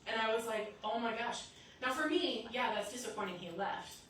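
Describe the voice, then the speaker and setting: A woman preaching a sermon in a lively storytelling way, acting out the voices in her stories. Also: a little high, fairly quick, a little hiss or hum. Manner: lively storytelling, acts out quotes. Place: church sanctuary. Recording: echoey church hall from a distance.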